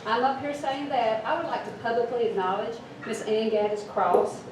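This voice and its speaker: A woman in her fifties with a deep Southern accent, telling a story on stage in a formal, earnest way. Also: steady tone, normal speed. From Mississippi. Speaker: storytelling contestant. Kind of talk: live storytelling. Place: event hall with audience. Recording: echoey hall, distant mic, noisy.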